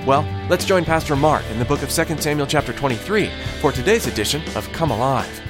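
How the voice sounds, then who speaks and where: A man reading scripted narration as the announcer of a radio sermon program, in a measured, reassuring way. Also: medium pitch, expressive. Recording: radio broadcast with music bed.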